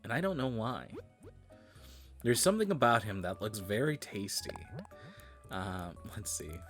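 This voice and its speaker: This gaming streamer sounds worn out, yawning as he mutters through his play and swears casually. His fairly low voice is expressive and a little slow, drifting between loud and quiet over background music.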